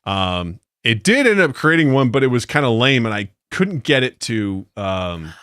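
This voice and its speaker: A man's voice: mid-range voice, big pitch swings, normal speed, fairly bright tone, clear, resonant tone, no room sound, clean studio sound. A man co-hosting a casual podcast, rambling loosely, with lots of fillers and cursing. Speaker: podcast co-host.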